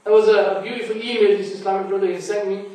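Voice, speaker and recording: A man's voice: high voice, fairly even intonation, fast talker, a little mellow. A man giving an earnest, admonishing lecture in a mosque, telling a story to make his point. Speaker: preacher. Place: large mosque hall. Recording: echoey mosque hall from far off.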